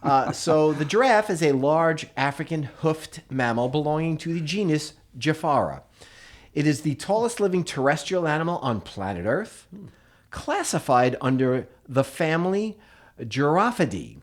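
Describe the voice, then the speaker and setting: A male podcast co-host with a lively, swooping delivery and a slightly high voice. He talks theatrically and stretches out his build-ups. The tone is relaxed and comedic. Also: moderate pace. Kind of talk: casual comedic chat.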